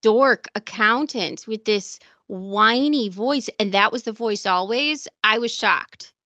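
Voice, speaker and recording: A woman co-hosts a podcast chat in a bright, fairly high voice, stressing her points firmly. The sound is dry and close, with no room echo. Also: takes it slowly, muffled recording. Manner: emphatic, opinionated. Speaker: podcast co-host. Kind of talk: casual chat.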